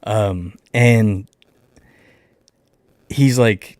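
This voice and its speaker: Lowish-voiced man telling a rambling story. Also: unhurried, dry recording. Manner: rambling storytelling, animated retelling of a neighbor dispute. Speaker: livestream host. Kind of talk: casual livestream chat.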